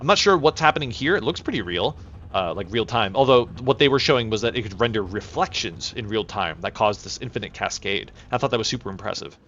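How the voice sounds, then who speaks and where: Bright excitable guy streaming a game, rambles, lo-fi mic. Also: on the low side, fast, slight background noise. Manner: rambling, restarts and swears, excitable. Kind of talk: casual gaming commentary. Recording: dull lo-fi dry mic.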